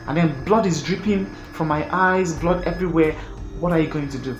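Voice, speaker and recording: A young man telling a comic breakup story in an animated, exasperated, rambling way. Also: on the high side, a little fast, a little hiss or hum. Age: young adult. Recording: echoey room, music behind.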